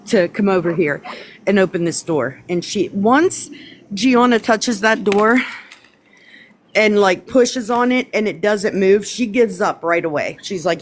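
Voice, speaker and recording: A woman's voice: mid-range voice, measured pace, slight background noise. A woman hosting a live stream, chatting casually in a blunt, profane way. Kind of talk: casual chat.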